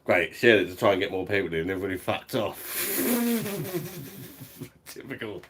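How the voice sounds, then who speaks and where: A man's voice: lowish voice, lively intonation, measured pace, fairly bright tone, slight background noise. A middle-aged man, chatting casually at home on a live stream, swearing, laughing often and reading out the chat. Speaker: beer reviewer hosting a live stream.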